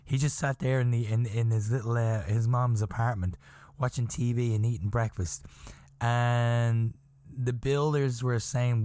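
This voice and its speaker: A man hosting a podcast, telling a story in a casual, animated way, chuckling often, swearing, and insisting that it is true. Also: medium pitch, measured pace, no room sound. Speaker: podcast host.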